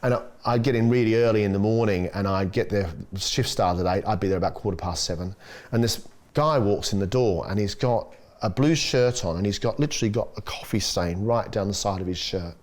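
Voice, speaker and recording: Animated Australian man telling stories. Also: brisk. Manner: animated storyteller, acts out quotes with big pitch jumps. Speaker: chef guest. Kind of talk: casual podcast chat.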